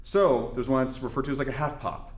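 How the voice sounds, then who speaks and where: A man from Indiana explaining hand-drum technique in a relaxed, step-by-step way with folksy asides. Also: mid-range voice, fairly quick, echoey room. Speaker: darbuka teacher. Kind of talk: instructional demonstration.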